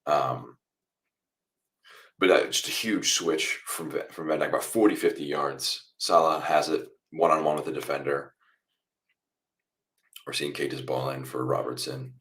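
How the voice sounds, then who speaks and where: A man's voice: a bass voice, measured pace, long pauses. A young man hosting a live football watchalong, chatting casually and calling the plays as he watches. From United States. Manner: chatty, reacts loudly to goals then explains calmly. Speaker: watchalong host.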